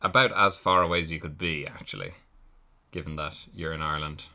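Bright-voiced man co-hosting a podcast. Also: very deep voice, steady tone, brisk. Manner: dry, curious, asks questions. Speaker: podcast co-host. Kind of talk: casual chat.

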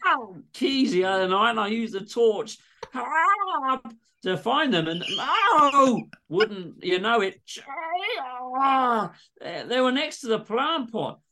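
A yelping Aussie bloke. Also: male voice, sing-song, normal speed, fairly bright tone, a little hiss or hum. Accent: exaggerated Australian. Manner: yelping in pain, high strained voice. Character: hapless male patient, Aussie bloke, middle-aged. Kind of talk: comedy story reading.

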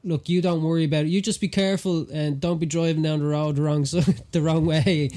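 A man's voice: fairly high pitch, fairly even intonation, a little fast, dark tone, lightly acted. An Irish man doing a friendly American cop. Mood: easygoing. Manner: easygoing, reassuring.

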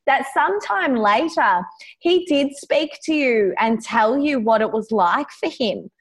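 A woman with a notably high voice hosts a podcast. She asks her guest questions gently and with empathy, drawing the story out. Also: expressive, a little slow, breathy edge. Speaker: podcast host. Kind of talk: interviewing.

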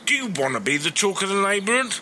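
An actor playing a shifty swindler in a radio sitcom, with smooth, wheedling sales patter. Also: male voice, sits high, big pitch swings, fast, pushed and bright, slight background noise, heavily acted. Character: shifty London wide-boy swindler.

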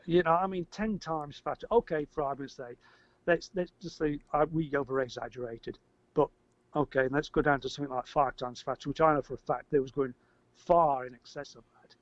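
An older man tells a story as an interview guest, rambling, repeating words and getting animated when he acts out shouting. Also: fairly high pitch, brisk, dry recording. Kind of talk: casual storytelling. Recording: dry, slightly muffled audio.

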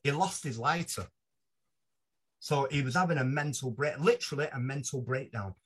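A man telling a long story as a podcast guest, animated and laughing often, slipping into voices for the people in it. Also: mid-range voice, moderate pace, husky. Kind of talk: casual anecdote telling.

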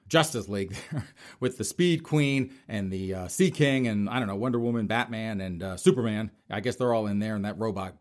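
A man hosting his podcast in a casual monologue, mocking and laughing often. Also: on the low side. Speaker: podcast host.

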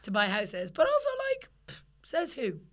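A woman's voice: mid-range voice, moderate pace. A young Irish woman co-hosting a podcast, chatting casually and laughing, swearing freely as she tells stories. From Ireland. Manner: lively, sweary, laughing storyteller. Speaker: podcast co-host. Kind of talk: casual chat.

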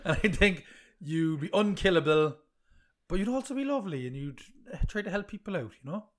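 A man's voice: high voice, animated, fairly quick. A man co-hosting a casual podcast, teasing and jokey, swearing freely. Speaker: podcast co-host. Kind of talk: casual chat.

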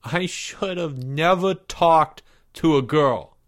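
A man's voice: fairly low pitch, animated, slow, a bit bright. A man reading a story aloud, voicing a fifth-grade boy who whines, sobs and begs. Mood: whiny pleading. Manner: whining, pleading, blubbering.

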